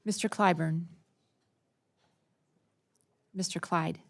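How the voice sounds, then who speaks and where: A woman clerk calling the roll in a flat, methodical way, repeating names and votes. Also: fairly low pitch, slow pace, vocal fry. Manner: flat, methodical name-reading. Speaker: committee clerk. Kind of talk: roll call.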